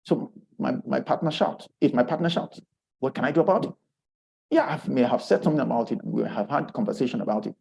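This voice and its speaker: A man with a Nigerian English accent teaching a course on marriage, animated and emphatic, often repeating his words. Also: mid-range voice, fast talker, creaky, rough recording.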